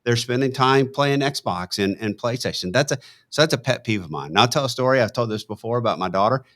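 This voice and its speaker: A man's voice: medium pitch, quick pace. A middle-aged man, chatting on a panel and telling stories, getting worked up as he goes. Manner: animated storytelling, gets worked up. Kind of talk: casual panel chat.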